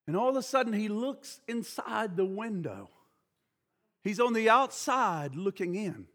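A male preacher tells a story from the pulpit. His voice sits very high and sounds bright and forceful, and he is animated, rising to shouts at the peaks. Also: a little slow, big-room sound. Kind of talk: sermon.

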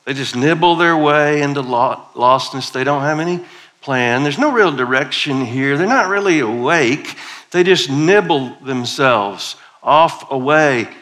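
Bright-voiced preacher, playful. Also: male voice, a little high, animated, a little slow. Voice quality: playful, conversational, leads congregation in call-and-response. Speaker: guest preacher. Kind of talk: sermon.

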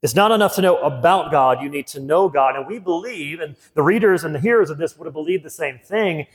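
A man's voice: fairly high pitch, a little fast. A middle-aged man preaching a sermon as a pastor, earnest and emphatic, repeating key phrases. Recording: long hall reverb.

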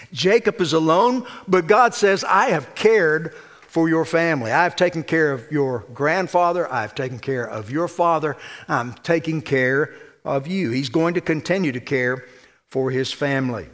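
A man preaching a sermon, emphatic, with loud stressed phrases and hushed low asides. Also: normal speed. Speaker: pastor.

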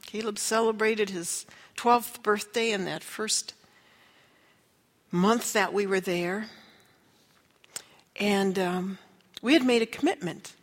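A middle-aged woman telling a personal faith story in an earnest way. She acts out the voices in the story she quotes. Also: medium pitch. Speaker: speaker sharing a testimony. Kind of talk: storytelling testimony. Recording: long hall reverb.

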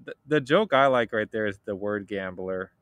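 A man's voice: on the low side, expressive, moderate pace, fairly bright tone, no room sound. A man chatting casually on a podcast, agreeable and trailing off mid-thought. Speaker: podcast co-host. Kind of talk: casual chat.

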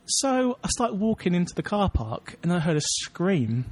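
With no room sound, a young man whose voice sits high and a little mellow speaks animatedly at a moderate pace with few pauses. As a podcast co-host, he keeps things casual, spinning rambling stories punctuated by frequent laughter.

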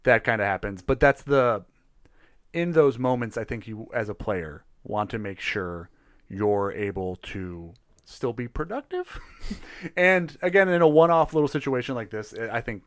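A man's voice: mid-range voice, measured pace, no echo, studio quality. A man chatting casually about a role-play session, rambling with many restarts and fillers. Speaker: tabletop role-play player.

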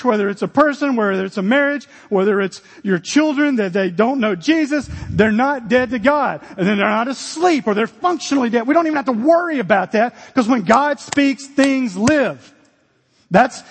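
A man's voice: very high voice, slightly rough, in a large hall. A man preaching a sermon as pastor, earnest and direct, with sudden emphatic exclamations.

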